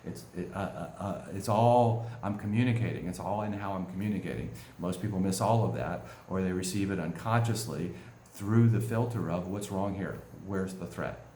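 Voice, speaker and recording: A man with a very low, slightly mellow voice teaches conversationally and easygoingly, like a coach giving a talk, often capping his points with a quick "right?" The recording is roomy and echoey, with a little hiss or hum.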